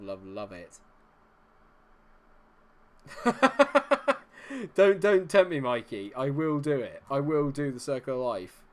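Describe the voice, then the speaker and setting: Excitable man streaming a game. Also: a little high. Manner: excitable, chatty, reacts loudly to plays. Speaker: streamer playing a football management game. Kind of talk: live game commentary.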